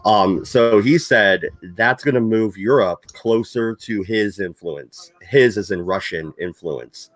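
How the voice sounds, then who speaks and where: A man's voice: on the low side, slow, hardly any pauses, dry recording. A man hosting a casual political talk stream, reading news aloud and breaking into sarcastic, profane rants. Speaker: host.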